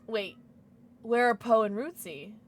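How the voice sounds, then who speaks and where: A young woman streaming a game to her chat, giggling a lot and shrieking with excitement. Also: a little high, a little slow, slight background noise. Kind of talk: livestream game commentary.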